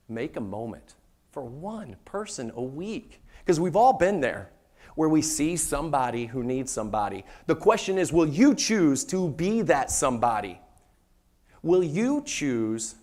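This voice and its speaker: Lively man giving a motivational talk. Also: fairly high pitch. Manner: animated, jokes with the crowd, turns hushed and tender when telling a story. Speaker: motivational speaker, former sports mascot performer. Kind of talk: inspirational stage talk to a live audience. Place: stage before an audience.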